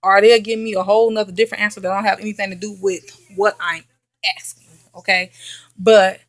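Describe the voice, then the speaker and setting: A woman's voice: medium pitch, flat delivery, brisk, no echo. A woman vlogger telling a story in a casual late-night chat, emphatic and repeating herself, often checking in with "okay?".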